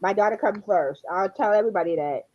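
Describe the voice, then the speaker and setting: A woman chatting casually on a live stream, telling animated stories, acting out quotes and laughing often. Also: medium pitch, quick pace, lo-fi sound. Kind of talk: casual chat.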